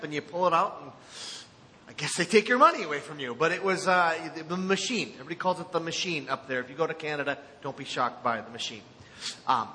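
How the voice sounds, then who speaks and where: A middle-aged male pastor with a high, bright, ringing voice gives a chatty, joking sermon, often laughing between thoughts. His voice rings out with a long reverb in a church sanctuary.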